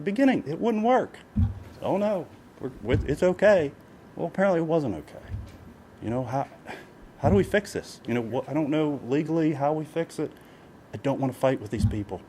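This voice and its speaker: A man's voice: a little high, warm tone, a little hiss or hum. A man speaking as a property owner at a county planning meeting, emotional and pleading, repeating himself with many filler phrases. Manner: emotional, pleading, repetitive with many "you know"s. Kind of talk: public comment at a county meeting.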